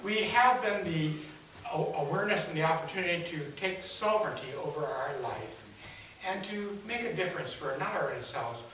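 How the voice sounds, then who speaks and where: A man's voice: on the high side, normal speed, a bit bright. A man giving a folksy inspirational talk at a spiritual center, telling a story and asking the audience questions. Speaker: spiritual speaker. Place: large hall at a spiritual center. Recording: echoey hall, distant mic, faint hiss.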